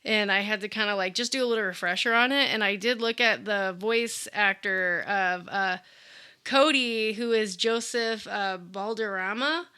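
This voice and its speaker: A woman's voice: mid-range voice, moderate pace, sharp tone, clean tone. A young woman co-hosting a casual podcast chat, chatty and full of fillers. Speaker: podcast co-host.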